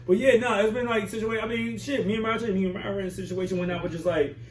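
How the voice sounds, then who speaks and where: A man's voice: high voice, fairly even intonation, fast talker. A young man in a casual group chat, animatedly telling stories and acting out both sides of his police stops. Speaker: podcast co-host. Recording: roomy room mic from a distance with faint hiss.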